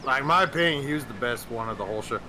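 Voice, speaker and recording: A man's voice: medium pitch, lively intonation, fast, over a noisy crowd, low-quality recording. A man chatting with a friend while gaming, telling stories animatedly and swearing freely. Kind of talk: casual chat while gaming.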